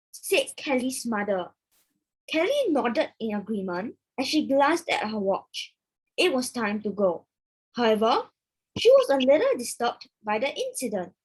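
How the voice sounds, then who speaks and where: A young woman student reading a story passage aloud for an oral exam practice, slowly and expressively. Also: high-pitched, husky. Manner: slow, careful, expressive reading.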